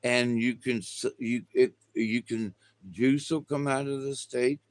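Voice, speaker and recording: Slow, rambling man chatting on stream. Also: medium pitch, steady tone, dry recording. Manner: meandering, chuckles often, restarts sentences. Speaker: livestream host. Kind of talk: rambling casual chat.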